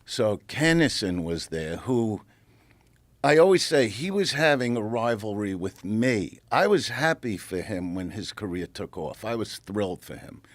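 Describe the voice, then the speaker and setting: A middle-aged man, a comedian telling a profane, animated story on a podcast. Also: fairly low pitch, measured pace, dry recording. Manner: animated, profane, acts out quotes. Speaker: comedian guest.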